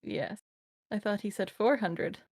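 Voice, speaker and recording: A woman's voice: medium pitch, lively intonation, unhurried, darkish tone. A woman playing in a casual tabletop game, playful and chatty. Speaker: player.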